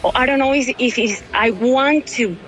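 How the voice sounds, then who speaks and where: Tearful woman in her thirties, halting. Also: on the high side, a bit bright, poor audio. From Venezuela. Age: 30s. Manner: halting, many restarts and repeated words. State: tearful, emotional. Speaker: interviewee. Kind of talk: emotional phone interview.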